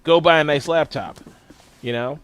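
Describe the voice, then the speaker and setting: A man co-hosting a podcast in casual chat, telling animated stories, swearing often and laughing as he rants. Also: fairly high pitch, moderate pace, clean tone. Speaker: podcast co-host.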